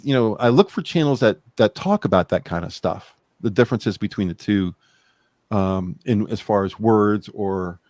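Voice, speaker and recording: A man's voice: fairly low pitch, normal speed, a little mellow, no echo, clean studio sound. A man co-hosting a podcast in casual chat, rambling and blunt, swearing freely. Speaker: podcast co-host.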